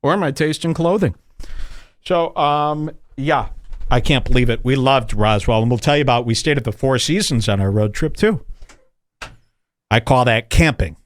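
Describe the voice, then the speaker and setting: A man's voice: mid-range voice, lively intonation, moderate pace, dry recording. A man hosting a podcast, telling rambling, sarcastic stories in a casual comedic chat. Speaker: podcast host.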